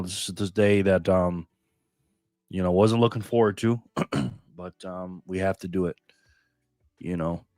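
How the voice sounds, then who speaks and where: A man with a low voice hosts a casual live stream from a close mic. He rambles and greets chat viewers by name, and the sound is dry and close. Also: dry recording.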